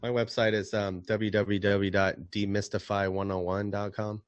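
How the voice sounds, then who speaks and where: Male co-host, lowish voice, plain casual remarks, dry sound. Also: little pitch movement, moderate pace, no echo. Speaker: co-host, reseller. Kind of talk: casual chat on a live stream.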